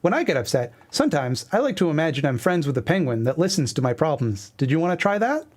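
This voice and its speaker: A man's voice: a little high, sing-song, quick pace, darkish tone. A man voicing a cheery, overly polite young woman in a webcomic reading. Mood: soothing. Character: cheery sweet-natured young woman, upbeat.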